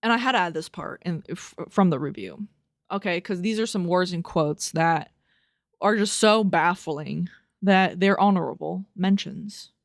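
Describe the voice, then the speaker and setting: On her casual solo podcast, a young woman with a lowish voice and vocal fry speaks unhurriedly over dry, studio-quality audio. She reads review quotes aloud, riffing on them with swearing and laughing disbelief.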